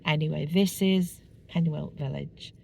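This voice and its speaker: A middle-aged woman talks through a casual walking vlog in a mellow voice with a gravelly, creaky edge. She chats like an informal tour guide, rambling with plenty of ums and easy asides. Her voice sits slightly low. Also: fairly even intonation, normal speed, a little hiss or hum, low-quality recording. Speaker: vlogger showing a walking spot.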